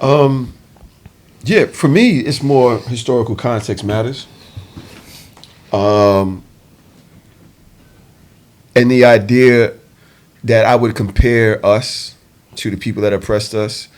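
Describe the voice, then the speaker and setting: A man, a guest on a podcast, speaking with passion and profanity, swinging from low brooding tones to loud outbursts. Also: slow, long pauses. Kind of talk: casual podcast discussion.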